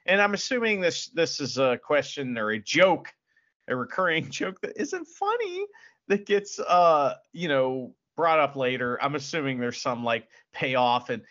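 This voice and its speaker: A man co-hosting a podcast, chatting casually and excitably about films, swearing and laughing often. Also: on the high side, a little slow, dull audio. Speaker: podcast co-host. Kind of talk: casual film review chat.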